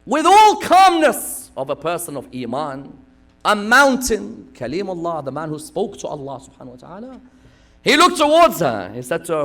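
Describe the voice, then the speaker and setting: Animated man preaching a sermon. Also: high-pitched, normal speed. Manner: animated storytelling, acting out quotes, sudden loud bursts. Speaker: preacher giving a Muharram lecture.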